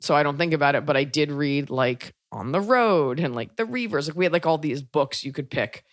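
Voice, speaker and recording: Low-voiced wry woman podcast host. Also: brisk. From Texas. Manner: rambling, wry and blunt, frequent "like" fillers. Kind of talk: casual podcast chat.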